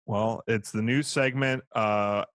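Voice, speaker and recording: A man's voice: lowish voice, fairly even intonation, slow pace, fairly bright tone, dry recording, clean studio sound. A man co-hosting a podcast in casual chat, rambling with fillers and self-deprecating laughs. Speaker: podcast co-host.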